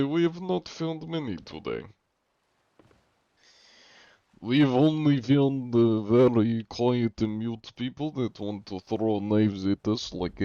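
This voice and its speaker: A man putting on a fake Russian accent to play a big sweaty Russian man, answering in deadpan broken English. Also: lowish voice, no echo, muffled recording, natural voice. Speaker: streamer.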